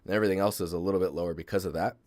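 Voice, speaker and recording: Low-voiced guy doing a chill portfolio review on stream, lots of ums and restarts, dry close mic. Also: rapid-fire, dry recording. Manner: relaxed, rambling, many fillers and restarts. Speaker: host reviewing art portfolios. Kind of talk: casual live-stream critique.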